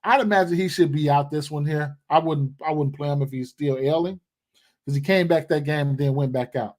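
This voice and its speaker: Guy running a live betting stream, kinda high voice, slangy and rambling, chatting with viewers. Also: brisk, a little mellow. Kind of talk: casual live stream chat.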